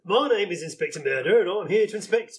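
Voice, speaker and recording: A man's voice: high voice, lively intonation. An actor playing a pompous, bumbling police inspector in a comedy sketch, stumbling over his words. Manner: halting, stumbling, laughing at himself. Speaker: comedy performer. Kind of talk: live comedy sketch reading.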